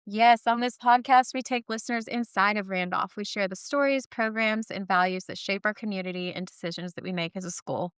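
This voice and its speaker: A woman's voice: medium pitch, a little fast, hardly any pauses, clear, resonant tone, dry recording, studio quality. A woman hosting a school podcast, upbeat and enthusiastic. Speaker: podcast co-host, school marketing director.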